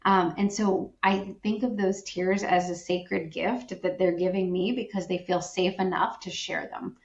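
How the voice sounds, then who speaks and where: A woman's voice: lowish voice, fairly even intonation, a little slow, echoey room, highs cut off. A woman talking as a podcast guest, earnest and reflective, sometimes acting out the reactions she quotes. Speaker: podcast guest, wellness speaker. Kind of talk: podcast conversation.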